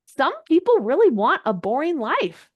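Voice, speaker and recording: A woman coaching a group live on a video call, chatty and animated, her voice jumping up when she gets excited. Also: high-pitched, normal speed, lo-fi sound. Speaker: social media coach. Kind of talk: live online coaching session.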